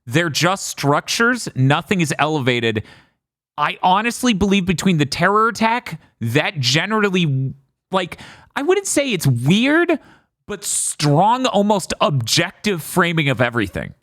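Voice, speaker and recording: Animated man on a podcast. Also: high voice, measured pace, no echo, clean studio sound. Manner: animated, laughs often, rambling. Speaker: podcast co-host. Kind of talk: casual podcast review chat.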